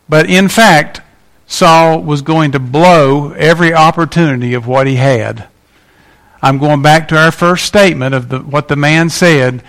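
A man's voice: on the high side, measured pace, fairly bright tone. A man preaching a sermon in a folksy, emphatic way, often asking the congregation questions. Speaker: pastor.

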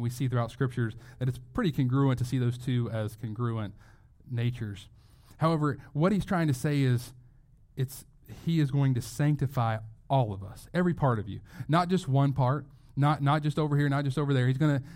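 A man's voice: mid-range voice, a little mellow. A man preaching a sermon as pastor, earnest and emphatic, often restarting his phrases.

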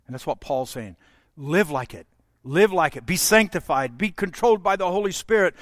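A high-pitched man preaching a sermon, heard dry and close with no room sound around him. He swings from loud proclaiming down to soft, hushed passages. His talk is folksy and aimed straight at the congregation. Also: lively intonation, normal speed, no echo. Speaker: pastor.

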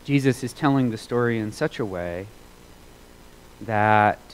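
A man preaching a sermon as a pastor, earnest and emphatic, repeating phrases for weight and moving between loud and hushed delivery. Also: on the low side, measured pace, a little hiss or hum, low-quality recording.

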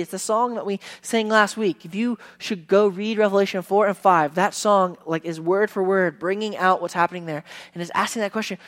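A man preaching a sermon as a pastor, conversational with casual fillers, swinging from hushed lines to loud emphasis. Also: sits high, fairly quick.

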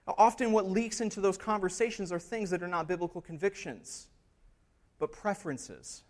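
A man's voice: sits high, normal speed. A man preaching an expository sermon as pastor. He talks in an earnest, conversational way, checking in with "right?" and building to emphatic passages.

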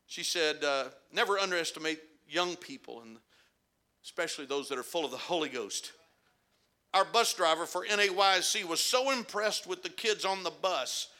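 A male pastor preaching a sermon, telling stories quietly and then rising to shouted, fervent climaxes. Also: high-pitched. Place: church sanctuary.

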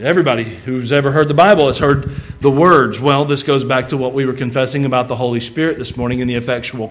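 A man's voice: mid-range voice, rough recording. A man preaching a sermon in a church, reading scripture aloud and mixing in casual, humorous asides. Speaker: pastor. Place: church sanctuary.

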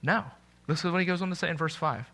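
An earnest male pastor delivering a sermon with a bright, forceful voice pitched a little high. He restarts phrases often and lifts his voice sharply when he plays out a doubter's words. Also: fast.

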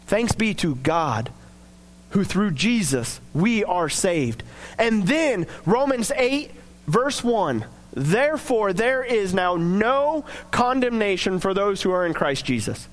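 A man's voice: high voice, animated, measured pace. A young man preaching a sermon in an earnest, conversational way, acting out quoted lines as he goes. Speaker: pastor.

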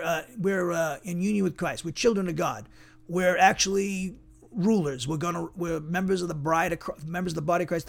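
A man's voice: a little high, gravelly. A man teaching a verse-by-verse Bible lesson in a methodical, repetitive way, working through Greek words and stumbling over some of them.

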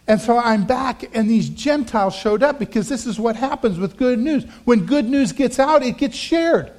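A male pastor preaching a sermon, telling personal stories in a conversational way that swings between loud emphasis and quiet asides. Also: sits high, lively intonation, normal speed.

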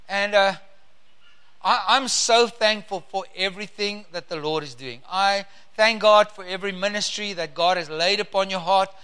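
Male preacher; high, bright voice; fervent scripture reading, stretches key words. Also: clear, resonant tone.

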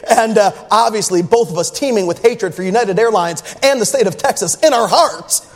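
A man preaching, telling a story with laughter and swings from low grumbling to loud shouts. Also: normal speed. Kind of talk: sermon story. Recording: reverberant hall.

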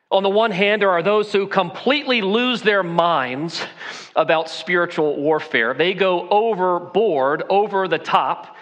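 A man's voice: sits high, fairly bright tone. A man preaching a sermon as a pastor, asking pointed rhetorical questions and pressing each point with emphasis. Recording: long hall reverb.

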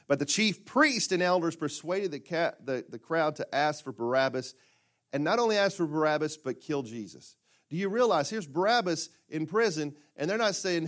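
Male pastor, mid-pitched, lively and emphatic, plainspoken sermon delivery. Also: brisk. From United States. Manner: animated, with sudden loud bursts and asides; conversational and plainspoken, with fillers and restarts.

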